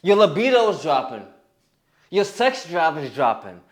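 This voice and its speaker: A man's voice: on the high side, very animated, a little slow. A young man giving a blunt, profane motivational talk as a fitness coach, often restarting his sentences. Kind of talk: motivational monologue.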